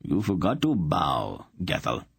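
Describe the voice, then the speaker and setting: A man's voice: sits low, wildly swooping pitch, measured pace, gravelly, slightly rough, no echo, clean studio sound, heavily acted. A man voicing an urbane, cruel emperor in an audiobook, speaking with silky, polite menace.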